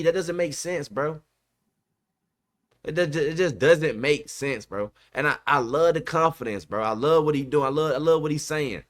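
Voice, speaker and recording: A man's voice: fairly high pitch, lively intonation, normal speed, fairly bright tone. A man hosting a podcast in casual sports chat, emphatic and repetitive, dropping "bro" often. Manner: emphatic, repeats himself, says bro a lot. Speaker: podcast host.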